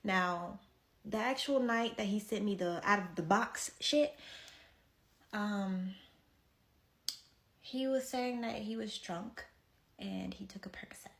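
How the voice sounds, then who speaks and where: A woman with a gravelly, fry-heavy voice tells a personal story. She is blunt and candid and often pauses on fillers as she talks. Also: medium pitch. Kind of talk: casual storytime.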